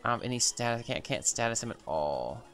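A man's voice: mid-range voice, very animated, fast, a bit bright, soft background music. A young man streaming a video game, reacting with frustrated outbursts, swearing and repeated exclamations as things go wrong. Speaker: gaming streamer. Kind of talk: reactive gameplay commentary.

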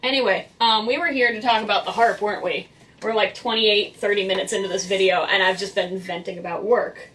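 A woman's voice: mid-range voice, fairly even intonation, a little fast, a bit bright, far from the mic. A young woman, a vlogger who works in public cleaning, venting about her job in a blunt, exasperated and profane way. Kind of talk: venting storytime vlog.

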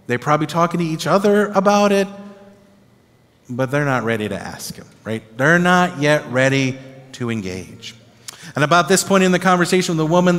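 Animated pastor in a reverberant church. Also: male voice, on the high side. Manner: animated, conversational, acts out disciples' reactions with tag questions. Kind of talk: Bible teaching. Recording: long reverb of a church hall.

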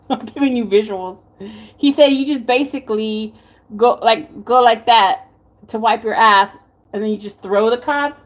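This home cooking vlogger has a Texan accent and a voice that's a little high, and she talks a little slowly in her kitchen. Her casual chat wanders, full of giggles and the occasional curse word.

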